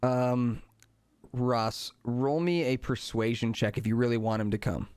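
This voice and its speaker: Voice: medium pitch, fairly even intonation, measured pace, darkish tone, smooth, dry recording. A game master narrating a tabletop game in a casual, filler-heavy way, close and dry.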